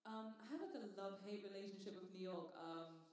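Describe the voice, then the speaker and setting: This is a guest from England with a Manchester accent, talking freely in an interview and leaning on fillers. The voice sits at a middling pitch. It sounds distant from the mic, with long hall reverb all around. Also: fairly quick. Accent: Manchester English. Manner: chatty, frequent "um" and "like" fillers. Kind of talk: casual interview talk.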